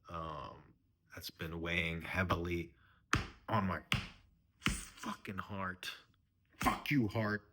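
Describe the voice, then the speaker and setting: A man's voice: low-pitched, bright, forceful tone. A man doing a mock-serious comedy monologue, rambling and earnest, sometimes trailing off to a whisper. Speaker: comedian host.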